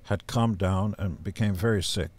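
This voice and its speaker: A man in his seventies, a podcast guest, telling stories in a gruff, deadpan way and acting out other people's voices. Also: low voice, moderate pace. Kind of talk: casual storytelling.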